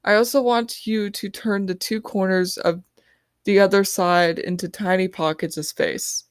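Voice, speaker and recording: A woman voicing a young female team leader who gives quick, quiet orders. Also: mid-range voice, steady tone, smooth, no echo, studio quality, close to an everyday voice. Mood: urgent. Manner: hushed, hurried orders.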